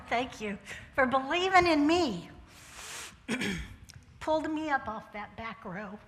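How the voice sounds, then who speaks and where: An older woman gives a personal testimony in church, her folksy, joking storytelling pitched a little high and sounding bright and forceful. Her voice rings out with a long reverb from the church hall. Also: lively intonation, takes it slowly. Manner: folksy and humorous, with Southern turns of phrase. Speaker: church speaker sharing testimony.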